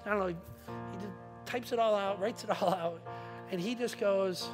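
Impassioned pastor preaching a sermon. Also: male voice, high voice, moderate pace, music in the background. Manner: impassioned, building to emphatic peaks and dropping to quiet asides; repeats words when restarting.

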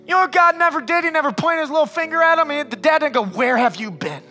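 A man with a very high, bright and forceful voice preaches a sermon. He talks to the room like a friend, keeps saying "man", and swings from loud bursts to near-hushed passages. Soft music plays faintly behind him. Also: very fast. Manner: calls listeners "man". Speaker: pastor.

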